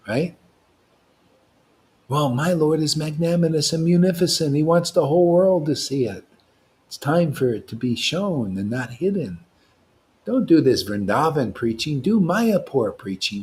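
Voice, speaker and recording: A man preaching informally to a devotional group, animated and slangy, often tagging lines with "man". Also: mid-range voice, a little slow. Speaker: devotional teacher.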